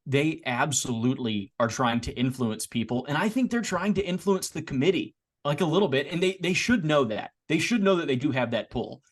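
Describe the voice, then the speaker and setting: A man's voice: fairly high pitch, animated, brisk, few pauses. Rambling man co-hosting a sports podcast. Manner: rambling, frequent restarts and repeated words. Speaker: podcast co-host. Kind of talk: casual sports podcast chat.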